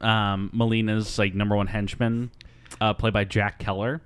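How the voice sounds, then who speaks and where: A man's voice: lowish voice, normal speed, clear, resonant tone. A man co-hosting a casual movie recap podcast, rambling with fillers and laughs as he retells scenes. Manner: animated, lots of fillers and laughs, acts out quotes. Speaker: podcast co-host.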